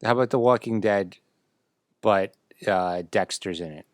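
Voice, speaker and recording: A man with a fairly low voice hosting a casual podcast, dry and a bit grumbly in his replies. The recording is close and dry. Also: a little slow, no room sound. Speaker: podcast host.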